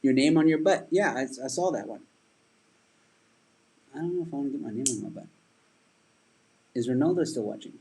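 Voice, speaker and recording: Husky man, comedian host, loose rambling livestream chat with viewers. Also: medium pitch, expressive, fairly quick, pauses often, a little mellow, low-quality recording. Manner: rambling, chatty, reads and answers viewer comments.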